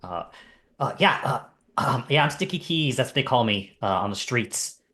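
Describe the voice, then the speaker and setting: A man's voice: mid-range voice, expressive, moderate pace, bright, forceful tone. A man playing a tabletop role-playing game, awkward and full of fillers as he introduces his character. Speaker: player.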